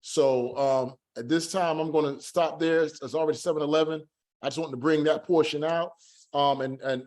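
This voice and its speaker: A man teaching a Hebrew class online, patiently repeating words slowly to drill their pronunciation. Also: fairly high pitch, darkish tone.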